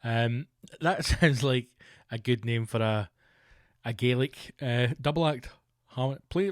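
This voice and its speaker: A man's voice: medium pitch, slow pace, pauses often, dry recording, clean studio sound. A Scottish man hosting his podcast, a comedian rambling through a jokey, self-mocking monologue. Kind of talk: casual comic monologue.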